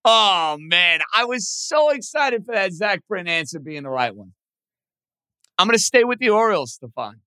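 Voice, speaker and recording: Radio host guy, kinda high and bright, mumbling out his guesses and getting annoyed, dry studio sound. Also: normal speed, clean tone, no echo. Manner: animated, thinks out loud, self-deprecating. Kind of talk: casual sports talk, answering trivia.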